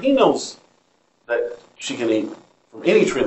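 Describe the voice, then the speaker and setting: This pastor's voice is fairly high and very animated, keeping a normal pace but pausing often. A man with a Southern US accent, he gives an interactive sermon in a church sanctuary, reading scripture aloud and questioning the congregation, all captured in an echoey room.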